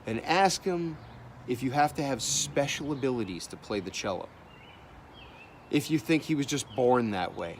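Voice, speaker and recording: An artist talking in a blunt, animated monologue, swearing freely as he gives his opinions. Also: mid-range voice, slight background noise. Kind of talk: casual profane monologue.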